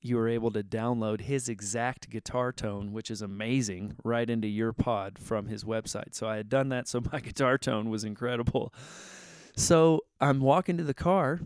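A man's voice: medium pitch, steady tone, normal speed, a little mellow, clear, resonant tone, no echo, studio quality. A man who plays guitar in worship music, telling a personal story in a casual, earnest, candid way. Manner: earnest, candid, conversational with fillers.

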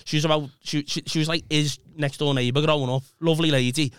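A man's voice: steady tone, fast talker, clean tone, no echo, studio quality. A young man with a Scouse accent telling crude stories in casual banter. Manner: crude, joking, drops into low storytelling voice.

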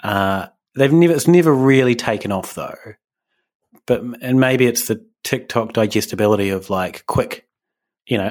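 A man's voice: medium pitch, normal speed, a little mellow. A man co-hosting a casual podcast chat, rambling and hesitant, with lots of fillers and restarts. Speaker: podcast co-host.

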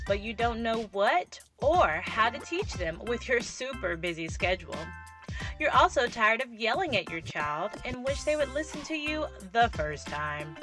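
A woman in her thirties hosting a parenting podcast, talking casually and informally straight to her listeners. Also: medium pitch. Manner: chatty and informal, addresses listeners as y'all and sisters. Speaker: podcast host and parenting coach.

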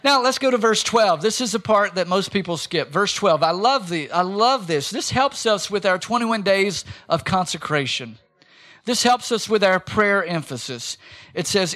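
Male pastor, 30s, emphatic sermon delivery with folksy asides, a high voice. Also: a bit bright. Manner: emphatic, repeats key phrases, folksy asides. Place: church sanctuary.

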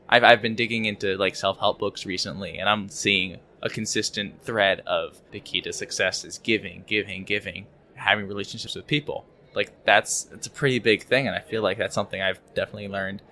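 Young male guest, bright tone, low voice, casual and hesitant. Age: young adult. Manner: halting, many repeats and likes. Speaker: podcast guest. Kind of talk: casual interview chat.

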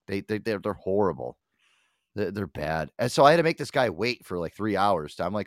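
A middle-aged man with a low voice that swings widely as he tells a story, cursing constantly and acting out what everyone said. The recording is close and dry, with no room sound. He talks the way a podcast co-host does among friends. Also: moderate pace, no echo. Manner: profane, animated storytelling with acted-out quotes. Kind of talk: casual podcast chat.

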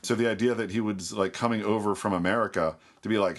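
A co-host in a casual film podcast, wry and full of trivia. The voice sits very low. Points come in a loose, explanatory flow. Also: steady tone, fast. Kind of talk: casual chat about classic films.

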